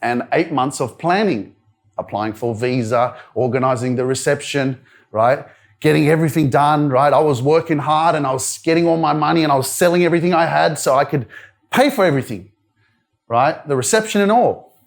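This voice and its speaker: A man's voice: on the high side, a little fast. A young Australian man giving a motivational talk at a live event. He tells a personal story candidly, with many fillers like "you know". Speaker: motivational speaker. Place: wellness centre event room.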